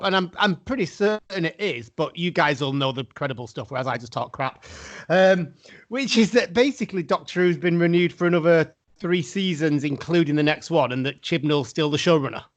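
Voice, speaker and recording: A man co-hosts a podcast in a chatty, self-deprecating way. His voice is high. He talks over a video call. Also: expressive, brisk. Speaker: podcast co-host. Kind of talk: casual podcast chat.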